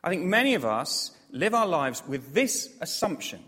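A man preaching a sermon, animated and self-mocking, with jokey asides to the congregation. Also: fairly high pitch, moderate pace, husky. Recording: long hall reverb.

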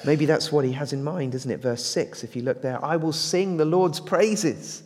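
A man preaching an evening sermon in a church hall, his voice set somewhat high for a man. He is earnest, puts questions to the listeners and presses his points firmly. A long reverb trails behind every phrase. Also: moderate pace, darkish tone. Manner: earnest, building to emphatic, asks the congregation questions.

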